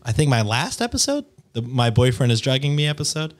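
A man's voice: medium pitch, very animated, a little fast. A man co-hosting a podcast, chatting and joking in an easygoing way with lots of fillers. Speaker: podcast co-host. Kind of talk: casual podcast banter.

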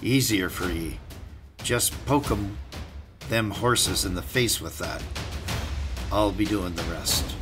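A man's voice: low-pitched, slow pace, long pauses, over music. A man voicing a blunt, loyal soldier bodyguard with a growling manner. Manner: blunt, growling dialect speech.

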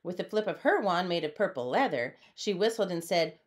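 A woman's voice: lowish voice, brisk. Woman reading a storybook aloud. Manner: lively, puts on voices for characters. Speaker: storybook reader. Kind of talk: read-aloud storybook narration.

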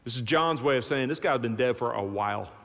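A man's voice: mid-range voice, fast talker, vocal fry, a bit bright. A man preaching a sermon as pastor, telling the story dramatically and acting out the voices of its people. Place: large church sanctuary. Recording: long reverb of a large hall.

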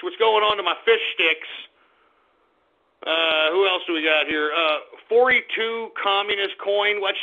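A male radio host reading out listener shout-outs, brash and insulting, snapping at his audience. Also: high-pitched, measured pace. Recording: dull lo-fi stream audio.

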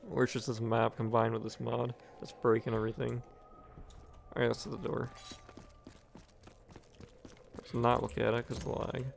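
A man's voice: mid-range voice, completely flat delivery, moderate pace, creaky, long pauses, a little hiss or hum. A young man giving casual, profane commentary as he plays a video game, talking offhand to himself. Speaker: gaming commentator.

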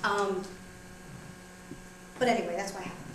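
A woman's voice: medium pitch, steady tone, moderate pace, noisy background. A woman performing a stand-up comedy monologue on a small theater stage, chatty and teasing as she jokes with the audience. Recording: roomy live room with audience.

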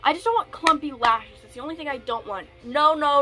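A woman's voice: high-pitched, fairly quick, sharp tone, faint music behind. A young woman vlogging casually from home while sick, rambling and correcting herself as she talks. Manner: rambling, self-correcting, filler-heavy. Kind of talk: casual vlog chat.

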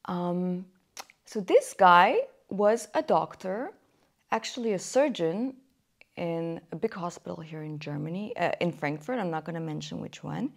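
A woman's voice: fairly low pitch, measured pace, vocal fry. A woman in her thirties hosting a podcast, chatting candidly about dating and acting out quotes as she tells stories. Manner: chatty, candid, animated storytelling with acted quotes. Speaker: podcast host. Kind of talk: casual chat about dating. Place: Germany.

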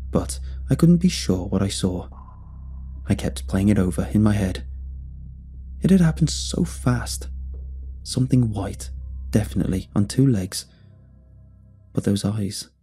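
A man telling a first-person horror story in measured scripted narration. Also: on the low side, expressive, warm tone. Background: faint music.

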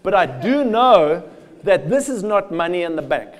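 A man giving a lively, conversational field day presentation with slides, addressing farmers directly and joking at his own expense. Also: sits high, moderate pace. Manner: lively with self-deprecating asides. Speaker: soil health speaker.

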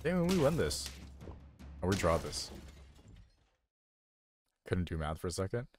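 Low-voiced man rambling through gameplay. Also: big pitch swings, measured pace, soft background music. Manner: rambling, self-deprecating, thinking aloud. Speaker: streamer playing a video game. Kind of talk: casual live gameplay commentary. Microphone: desk microphone.

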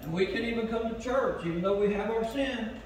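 Male pastor, impassioned revival preaching, heard distant in a very reverberant sanctuary with faint noise. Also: a little fast. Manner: impassioned, swings between loud urging and low asides. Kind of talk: revival sermon. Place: church sanctuary. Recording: echoey church hall from far off.

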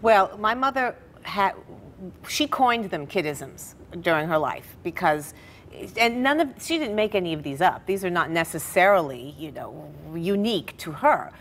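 A middle-aged woman telling family stories in a television interview, animated and laughing now and then. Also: fairly low pitch, normal speed, slight background noise. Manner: animated storyteller, laughs through her stories. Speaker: interview guest. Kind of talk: personal storytelling in a TV interview.

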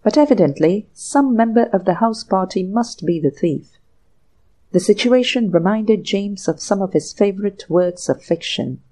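Woman reading an audiobook story, mellow warm tone, measured. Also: mid-range voice, lively intonation, rough recording. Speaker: audiobook narrator. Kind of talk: scripted narration.

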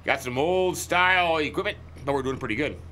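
A man narrates his farming game in a folksy, rambling way, full of jokey asides and sudden exclamations. His voice sits a bit high for a man and rings bright and forceful, with faint ambient noise behind him. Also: a little fast. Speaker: gaming channel host. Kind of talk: in-character let's-play commentary.

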